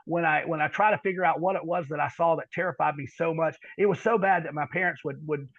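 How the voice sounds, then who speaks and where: A middle-aged man telling a long personal story on a podcast, halting and repeating words, then dropping into quiet asides. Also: fairly high pitch, no echo, highs cut off. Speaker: podcast guest. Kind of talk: storytelling in conversation.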